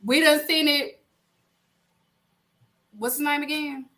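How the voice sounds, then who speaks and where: A woman hosting a casual podcast award show, announcing winners with playful, drawn-out emphasis. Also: high voice, steady tone, sharp tone. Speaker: podcast host.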